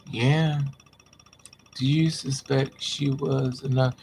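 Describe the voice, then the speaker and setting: A man's voice: a little high, measured pace, creaky, a bit bright, slight background noise. A man vlogger intensely telling a painful personal story to his viewers, repeating himself as he vents. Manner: intense, repetitive, venting.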